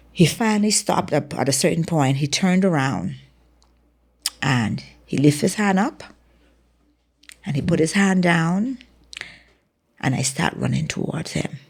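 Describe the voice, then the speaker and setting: A Bahamian woman, a former track athlete, telling stories from her career in an interview, acting out the dialogue with animated energy. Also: low-pitched, creaky, breathy edge. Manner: animated storyteller, acts out dialogue. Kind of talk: storytelling in a sit-down interview.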